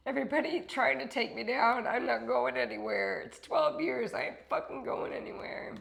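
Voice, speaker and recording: A woman's voice: high voice, a little slow, vocal fry. A woman talking to her viewers in a heartfelt spiritual monologue, swearing freely and often dropping into whispers, saying she is losing her voice. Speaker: spiritual channel host.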